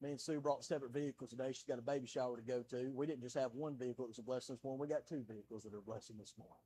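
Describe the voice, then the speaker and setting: A young adult man with a Southern American accent, preaching a sermon from the pulpit, swinging from quiet storytelling to loud, pleading preaching. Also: medium pitch, fairly even intonation, very fast, slight background noise. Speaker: pastor. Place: church sanctuary.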